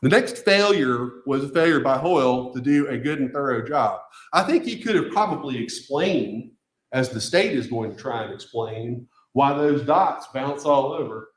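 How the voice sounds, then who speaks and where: A man's voice: mid-range voice, expressive, normal speed. A man, a defense attorney, giving an emphatic closing argument to a jury with pointed rhetorical questions, recorded at a courtroom podium mic. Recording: echoey courtroom.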